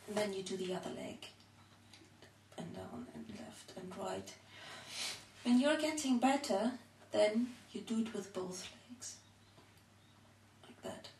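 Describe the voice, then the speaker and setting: A woman's voice: a little high, slight background noise. A woman leading a home tummy workout, counting out the repetitions as she does them and a little out of breath. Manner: slow, counting out repetitions while exercising. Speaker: home exercise instructor. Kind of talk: counting through a workout demonstration. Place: room at home. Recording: echoey room, mic far off.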